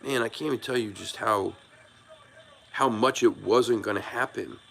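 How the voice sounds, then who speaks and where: A man's voice: lowish voice, normal speed, vocal fry, a bit bright. A man hosting a casual live stream, thanking viewers by name and talking earnestly in a rambling way with many restarts, moved by the support. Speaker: YouTube live stream host.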